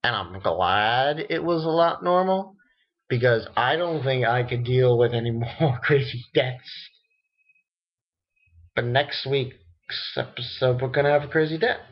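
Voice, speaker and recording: Excitable, profane young man reviewing anime. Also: a little slow, dull audio. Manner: excitable and profane, rambling, jumps into shrill disbelief. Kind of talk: casual webcam review rant.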